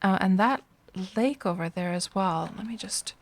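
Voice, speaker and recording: A woman's voice: mid-range voice, normal speed, slight background noise. A woman streaming a game live, chatting casually with viewers and reacting to the gameplay between replies, speaking into a desk microphone. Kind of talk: casual live-stream chat while playing.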